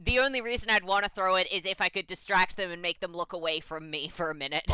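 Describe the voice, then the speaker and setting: Woman, lower voice, very crisp and bright, dry close mic, wry player. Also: fairly even intonation, quick pace, dry recording, rough recording. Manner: wry, chatty, laughs mid-sentence. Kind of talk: casual tabletop game chat.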